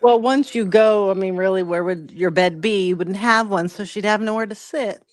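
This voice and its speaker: A woman's voice: mid-range voice, moderate pace, no echo. A woman co-hosting a podcast in casual chat, telling anecdotes and laughing often. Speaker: podcast co-host.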